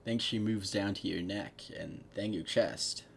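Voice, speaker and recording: A man's voice: fairly low pitch, unhurried, gravelly, a little hiss or hum. A man reading fan fiction aloud at home, breaking off to laugh, swear and mock the text. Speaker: fanfiction reader. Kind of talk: casual read-aloud with commentary.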